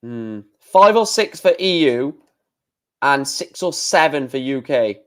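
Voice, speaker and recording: A man's voice: mid-range voice, lively intonation, slow, fairly bright tone. A man hosting a casual live stream, reading out darts results and answering chat while thinking aloud with plenty of fillers.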